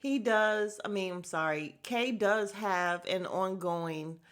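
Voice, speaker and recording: A woman's voice: mid-range voice, slow pace, a bit bright, clean tone. A young woman hosting a casual podcast, animatedly recapping a reality show, laughing, swearing and mimicking the cast. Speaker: podcast host.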